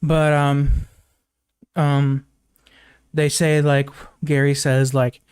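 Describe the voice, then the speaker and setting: A young man recaps a film in a loose, rambling live review, leaning on "like" and "um" and swearing freely. His voice sits a little high, and it sounds close and dry with no room sound. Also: level tone, drawn-out words, a little mellow, clear, resonant tone, dry recording. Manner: rambling plot recap, lots of fillers and swearing. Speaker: movie reviewer. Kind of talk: casual live movie review.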